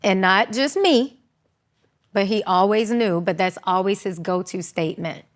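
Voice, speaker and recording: A woman in her thirties, appearing as an interview guest, tells her own story animatedly, acting out quotes in raised voices. Her mid-range voice is unhurried.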